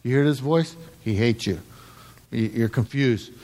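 A man's voice: mid-range voice, a little slow, darkish tone. A middle-aged man preaching a casual sermon in a conversational way, often checking in with the congregation. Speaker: pastor.

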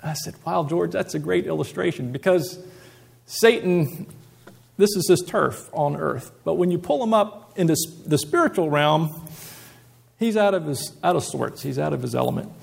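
A man's voice: a little high, animated, moderate pace, vocal fry. A male preacher giving a conversational, earnest sermon and reading scripture aloud.

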